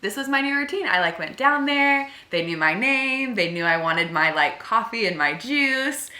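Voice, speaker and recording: Female co-host, young, animated storyteller, bright tone, roomy sound. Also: a little high, moderate pace. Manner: animated storyteller, laughs often. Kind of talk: casual couple chat. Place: bedroom. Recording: echoey room.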